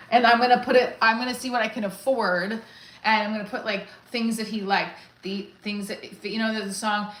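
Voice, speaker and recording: Bright-voiced woman in a roomy echo. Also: mid-range voice, fairly even intonation, moderate pace, pauses often. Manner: profane, jokey, rambling. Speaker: livestream host. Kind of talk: casual livestream chat with stand-up bits.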